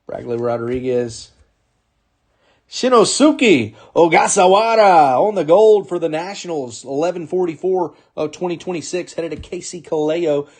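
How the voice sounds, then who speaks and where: Male card-break host, slightly high voice, upbeat live commentary calling out pulls. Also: lively intonation, darkish tone. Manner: upbeat, calls out names in quick bursts, chuckles often.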